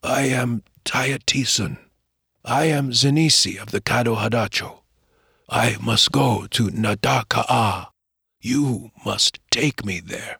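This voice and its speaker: A dying old tribal elder, grave and fading, as a man puts him on. He speaks slowly and softly, in halting broken phrases, with a husky edge and little room sound around him. A storybook figure near his last breath. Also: mid-range voice, no room sound, clean studio sound, full character voice. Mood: solemn. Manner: slow, soft, halting speech.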